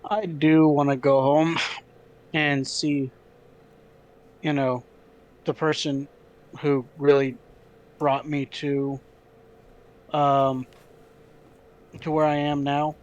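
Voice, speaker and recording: A man's voice: fairly high pitch, flat delivery, slow pace, pauses often, darkish tone, low-quality recording. A man casually playing a tabletop game over an online call, laid-back. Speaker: player.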